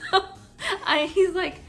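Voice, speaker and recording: Speaking to camera after a few drinks, this young female vlogger recounts something from work, cursing, laughing constantly, and voicing what her coworkers said. Her voice is very high-pitched and creaky with a fairly bright tone.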